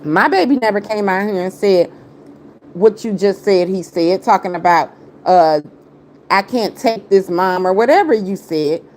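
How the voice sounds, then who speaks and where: A woman's voice: medium pitch, expressive, moderate pace, a little mellow, a little hiss or hum. A woman hosting her own livestream, greeting viewers by name and then ranting in a heated, confrontational, slang-heavy way. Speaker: livestream host. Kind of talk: casual livestream rant.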